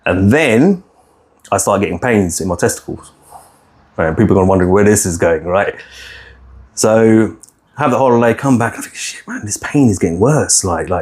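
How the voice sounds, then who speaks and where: A man's voice: low voice, darkish tone, breathy edge. A man, telling his own story on a podcast in a frank, rambling way, swearing freely and restarting often. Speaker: podcast co-host. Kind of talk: candid personal storytelling.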